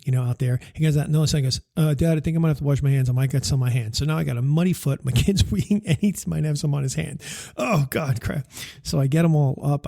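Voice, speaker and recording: Host, male, thirties, husky tone, dry close mic, loose rambling storyteller. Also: a little high, mellow, dry recording. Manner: rambling with many fillers and restarts, laughing through funny parts. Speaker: podcast host and life coach. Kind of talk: casual storytelling monologue.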